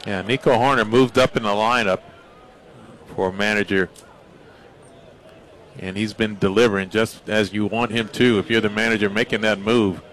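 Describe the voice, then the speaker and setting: Low-voiced analytical baseball analyst man. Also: steady tone, a bit bright. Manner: measured, analytical. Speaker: color commentator. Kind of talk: baseball color commentary.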